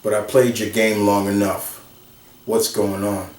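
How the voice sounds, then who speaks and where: Guy doing a gruff vampire hunter, short and cursing, slow, echoey room from a ways off. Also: on the low side, flat delivery, natural voice. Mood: gruff, threatening. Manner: curt, profane, demanding. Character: tough gruff male vampire hunter, blunt and menacing. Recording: roomy, from a distance.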